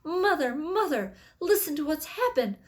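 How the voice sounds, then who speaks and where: A woman's voice: sits high, big pitch swings, unhurried, voice pushed up. A woman doing an eager young boy. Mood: excited.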